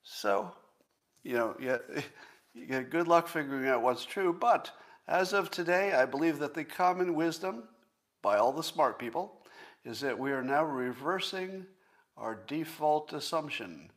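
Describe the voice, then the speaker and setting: A man in his sixties hosting a solo commentary show, talking in an emphatic, sarcastic and profane way and repeating points slowly for emphasis. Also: fairly high pitch, animated. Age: 60s. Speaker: podcast host.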